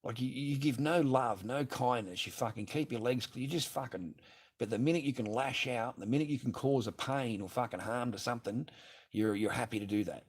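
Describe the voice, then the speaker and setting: A man's voice: mid-range voice, fairly quick, husky. A man, ranting profanely and repetitively in a livestream monologue from his garage.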